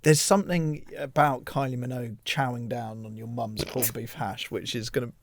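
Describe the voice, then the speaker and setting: A man co-hosting a podcast who teases the others with dry, understated humor. His voice sits in a middle pitch and sounds close and dry. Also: fairly even intonation, moderate pace, dry recording. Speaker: co-host. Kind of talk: casual podcast chat.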